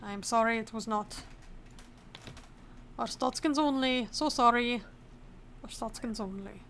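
A woman's voice: on the high side, measured pace, fairly bright tone, slight background noise. A woman voicing a formal, stiffly polite border inspector in broken English with a mock Eastern European accent. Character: stern but apologetic border inspector, adult.

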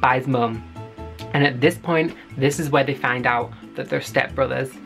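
A man's voice: medium pitch, fairly even intonation, measured pace, creaky, fairly bright tone, soft background music. A man giving a casual, profane recap of a web series and acting out the characters' lines.

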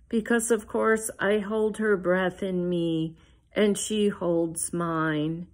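A woman author reading her own literary fiction aloud in a measured, first-person style. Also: fairly low pitch.

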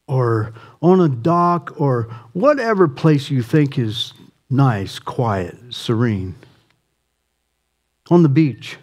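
A man preaching a sermon as pastor, swinging from impassioned, near-shouted appeals to soft, quiet pleading. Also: medium pitch, animated, slow.

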